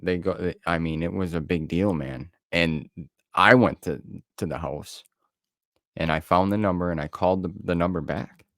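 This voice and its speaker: A man's voice: sits low, normal speed, fairly bright tone, dry recording, studio quality. A man co-hosting a casual podcast chat, telling stories in an earnest, rambling way. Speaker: podcast co-host.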